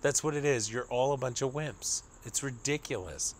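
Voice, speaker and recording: A man's voice: medium pitch, normal speed, slight background noise. Exasperated profane young man ranting. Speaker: commentary vlogger. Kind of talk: ranting political commentary.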